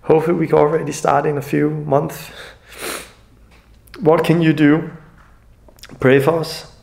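Gravelly, tearful man, earnest and halting. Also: fairly high pitch, little pitch movement, darkish tone. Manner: earnest, halting, non-native phrasing. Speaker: evangelist. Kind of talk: emotional personal video message.

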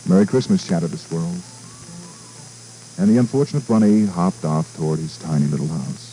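A man, a radio DJ, reading a storybook aloud in a gentle, unhurried way, with fillers and small asides. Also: low voice, animated, faint music behind, rough recording.

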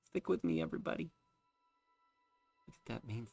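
Brief: lively, up-and-down man, casual game streamer, dry close sound. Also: on the low side, moderate pace, gravelly, no room sound, soft background music. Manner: chatty, laughs often, self-mocking. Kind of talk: casual live-stream chat. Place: unfinished home basement.

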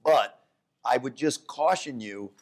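A man at a medium pitch explaining economics onstage as a guest. He talks in quick animated bursts and often stops himself mid-thought to correct course. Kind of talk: onstage conversation.

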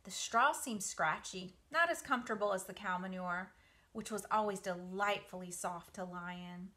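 Bright, expressive woman reading a storybook. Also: mid-range voice, moderate pace. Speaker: book club reader. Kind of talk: reading a children's novel aloud.

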